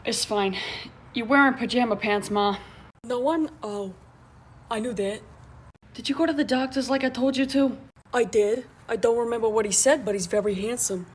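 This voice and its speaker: A woman's voice: fairly high pitch, moderate pace, husky. A woman performing a short comedy skit in a dry, teasing way. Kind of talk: comedy skit, playing several characters.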